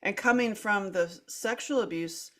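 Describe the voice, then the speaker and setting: A middle-aged woman hosting a podcast speaks in a mid-range voice at a moderate pace during a candid conversation. She animatedly tells a personal story full of "like" fillers and restarts, acting out her quoted lines and laughing between phrases and while speaking.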